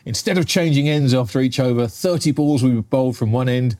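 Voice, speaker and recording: A man's voice: medium pitch, fairly quick, mellow. A man hosting a podcast, making jokey, breezy sports banter. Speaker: podcast host. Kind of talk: casual sports chat.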